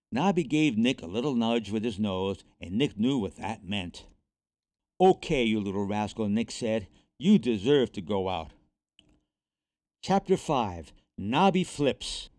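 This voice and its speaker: A man reads a children's chapter book aloud, expressive and animated. His pitch swings widely through the lines, and the recording is dry with no room sound. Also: dry recording. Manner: lively, expressive read-aloud. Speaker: narrator. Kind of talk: storybook reading.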